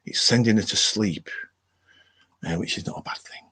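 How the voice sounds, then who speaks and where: A man's voice: on the low side, moderate pace, pushed and bright. A man with a northern English accent hosting a casual live stream, reading out viewer comments and chatting in a rambling way with lots of fillers. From northern England.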